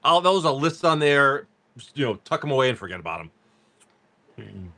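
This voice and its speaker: A man's voice: medium pitch, very animated, moderate pace, pushed and bright. A man chatting casually on a live stream, joking with viewers while he reads off cards. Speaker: card-break livestream seller.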